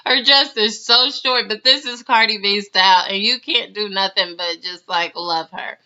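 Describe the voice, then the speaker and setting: A woman's voice: medium pitch, moderate pace, bright, forceful tone. Chatty woman reviewing a reality show. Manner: chatty, laughing, mimics people she recaps. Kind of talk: casual video commentary. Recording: slightly dull lo-fi sound.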